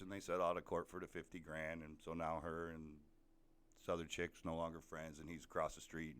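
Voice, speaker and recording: Guy with a real low voice ranting, swears a ton, rambles through a story. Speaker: podcast host ranting. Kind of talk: casual profane rant.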